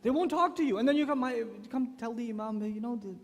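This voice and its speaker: Animated male preacher in an echoey hall. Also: very high-pitched, quick pace, slight background noise. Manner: animated, acts out quotes. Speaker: preacher addressing parents. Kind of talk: humorous sermon talk. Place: large hall with live audience.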